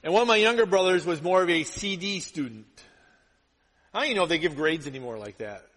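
Animated male pastor in a reverberant hall. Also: fairly high pitch, quick pace. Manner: animated storytelling, acts out quotes. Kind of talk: sermon.

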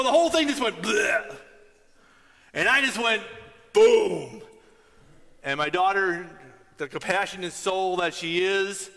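Male pastor, high bright voice, casual preaching style, long hall echo. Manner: conversational, checks in with "right?" often. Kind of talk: sermon.

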